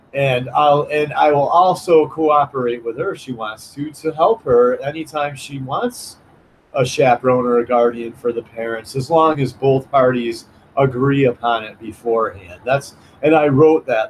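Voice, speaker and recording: A man's voice: medium pitch, a little hiss or hum, poor audio. A man telling a personal story in a casual monologue, rambling with many restarts and acting out what others said. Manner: rambling, many restarts, acts out quoted voices. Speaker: vlogger.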